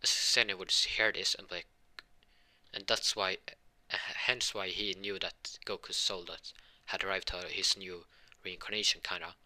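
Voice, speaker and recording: A young man rambles through a homemade fan story, often restarting his sentences. His voice has a forceful, bright edge and sits fairly low for a man. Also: level tone, unhurried. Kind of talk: casual fan-fiction storytelling.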